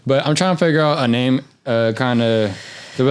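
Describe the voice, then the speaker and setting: A man's voice: medium pitch, a little fast, clear, resonant tone. A young man hosting a casual podcast, talking in a loose, slangy, rambling way with lots of restarts. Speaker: podcast host.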